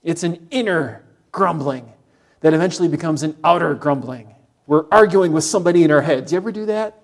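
A middle-aged man preaching a sermon in an animated way, acting out the complaining voices he quotes. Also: a little high. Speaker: pastor.

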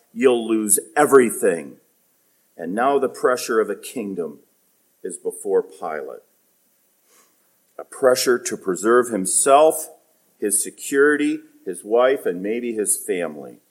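A male preacher delivers a sermon at a slow, deliberate pace. His voice sits at an ordinary pitch and swings between loud, emphatic peaks and quiet, low stretches as he reads and explains scripture.

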